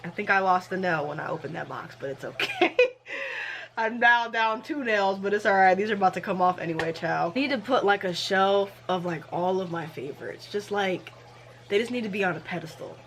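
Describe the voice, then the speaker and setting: A woman in her twenties vlogging casually, excited and gushing, laughing often and using casual slang. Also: mid-range voice, normal speed, slight background noise. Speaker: book vlogger. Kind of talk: casual vlog.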